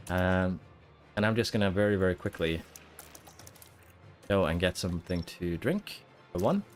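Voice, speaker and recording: A man with a very low voice chats casually to his stream viewers, rambling and restarting his sentences as he thinks aloud. He is trying to hold in hiccups. Soft music plays faintly behind him. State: hiccuping and holding them in. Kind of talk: casual live-stream commentary.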